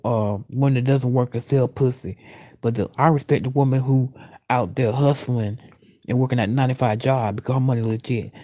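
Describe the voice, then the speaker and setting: A man talks in a blunt, profane street style while reacting to a clip. His voice is dark and mellow, and his delivery is casual. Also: medium pitch. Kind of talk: casual commentary.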